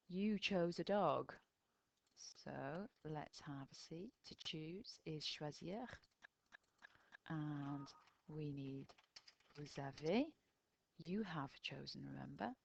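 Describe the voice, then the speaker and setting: Low-voiced English woman teaching French. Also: vocal fry, slight background noise, low-quality recording. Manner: patient step-by-step explaining, addressing pupils. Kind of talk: recorded tutorial lesson.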